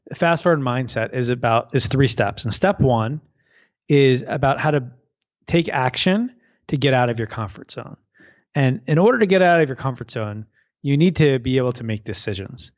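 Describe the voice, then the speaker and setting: A man's voice: mid-range voice, dull audio. A man who is an author and guest on a radio interview, telling a parable with lots of energy and often repeating words as he restarts a thought.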